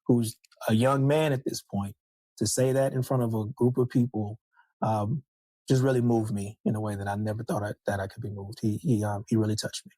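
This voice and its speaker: Reflective middle-aged dad, dry close mic. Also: male voice, lowish voice, fairly even intonation, fairly quick, dark tone, no room sound, low-quality recording. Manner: reflective, with hesitations. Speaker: podcast guest, father. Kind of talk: casual interview.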